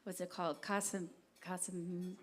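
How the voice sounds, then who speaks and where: A woman's voice: lowish voice, flat delivery, brisk. A woman singer from Texas chatting with a live audience between songs, rambling and self-deprecating as she tells a story. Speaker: singer-songwriter performing live. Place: live music venue with audience.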